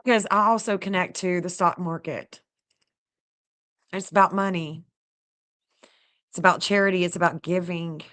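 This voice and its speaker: A woman hosting a casual livestream, chatty and excitable, talking straight to her viewers and laughing often. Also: lowish voice, normal speed, long pauses. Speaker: livestream host reading astrology maps.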